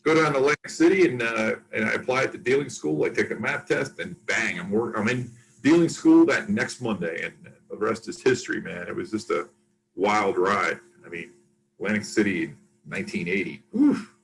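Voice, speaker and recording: A man's voice: lowish voice, moderate pace, creaky, poor audio. A man in his sixties, a guest on an interview show, telling a long story in a chatty way and acting out the dialogue. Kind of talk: casual storytelling.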